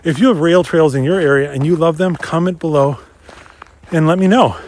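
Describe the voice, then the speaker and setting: A man's voice: fairly high pitch, a little fast, darkish tone, a little hiss or hum. Chatty man vlogging on a winter trail. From Minnesota. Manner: chatty, enthusiastic, addresses viewers directly. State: slightly out of breath while walking fast. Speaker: geocaching vlogger. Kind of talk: casual outdoor vlog narration.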